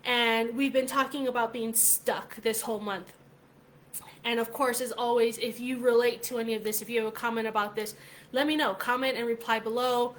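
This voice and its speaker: Chatty woman vlogger, fairly high voice. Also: moderate pace, a little hiss or hum. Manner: chatty, animated, many "like" fillers. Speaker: vlog host. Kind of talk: casual storytelling vlog.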